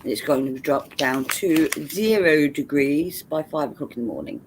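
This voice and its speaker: A woman's voice: deep voice, animated, moderate pace, background noise. A British woman in casual chat on a video call, teasing and chatty, laughing often. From Britain.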